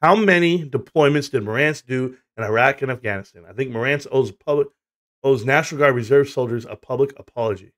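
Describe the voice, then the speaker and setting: A man's voice: medium pitch, brisk. A man hosting a casual livestream chat, rambling, swearing and laughing through stories, from the United States. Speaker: livestream host.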